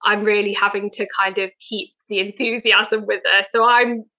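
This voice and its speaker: Bright, chatty young woman. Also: medium pitch, fairly even intonation, moderate pace, poor audio. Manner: chatty and eager, many fillers. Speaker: guest, veterinary nurse. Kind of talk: casual podcast chat.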